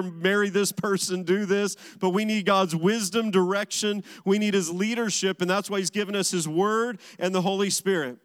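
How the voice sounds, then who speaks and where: A man's voice: high voice, clear, resonant tone. A man preaching a sermon as a pastor, driving his points home with emphatic repeated phrases. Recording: large hall with long reverb.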